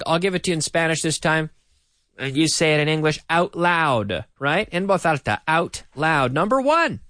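Male radio English teacher, upbeat and expressive, drilling phrases slowly, dry studio mic. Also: fairly high pitch, dry recording. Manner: animated, repeats each sentence slowly for learners. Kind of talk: radio language lesson.

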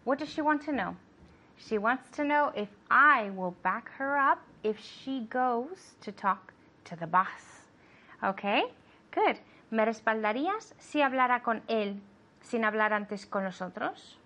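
A little slow and sharp-toned, her expressive voice runs on the high side. The woman is giving a bilingual English lesson, patiently encouraging her student, asking for translations of sentences and often saying "okay."

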